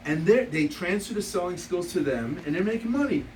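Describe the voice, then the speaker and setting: A man speaking as a seminar presenter, calling up volunteers and explaining with emphatic, energetic banter. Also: sits high, brisk. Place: seminar room with audience. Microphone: distant from the mic. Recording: distant noisy room recording.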